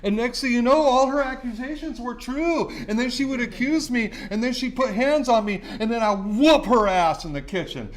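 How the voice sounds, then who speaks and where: A man's voice: extremely high pitch, moderate pace, few pauses. A middle-aged man, sharing his recovery story at a meeting in an intense, profane, repetitive way. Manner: intense, profane, repeats himself. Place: recovery center meeting room.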